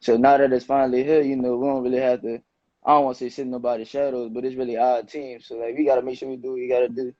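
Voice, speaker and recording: A young man in his late teens, a high school football player, answering interview questions in a relaxed, slangy way. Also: rapid-fire, dry recording. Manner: relaxed, loose slangy phrasing with many "you know"s. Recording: dull, muffled dry sound.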